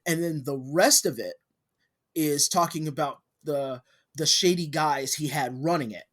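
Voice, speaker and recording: A man's voice: on the high side, unhurried, a bit bright. Give me a ranting podcast co-host man. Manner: ranting, heated, profane when worked up. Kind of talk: casual chat.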